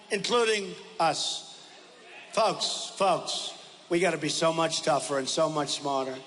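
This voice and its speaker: A man giving a campaign rally speech, emphatic and repetitive, hammering short punchy phrases and often shouting. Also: very high-pitched. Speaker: political candidate at a rally. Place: large rally venue. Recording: rally hall reverb with crowd ambience.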